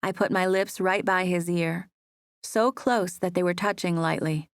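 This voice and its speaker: Female audiobook narrator, first-person romance, intimate, lowish voice, dry booth recording. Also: fairly even intonation, normal speed, no room sound. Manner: soft, intimate storytelling. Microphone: close studio mic.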